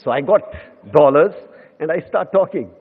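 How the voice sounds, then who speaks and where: An Indian man in his fifties, a guest lecturer, tells stories from a lectern in a big, echoing lecture hall, giving a humorous public lecture in an Indian English accent. He cheerfully mocks himself and slips Hindi phrases into his anecdotes, speaking at a moderate pace in a slightly high voice. The audio is thin and tinny, as if heard over a phone line, with slight background noise.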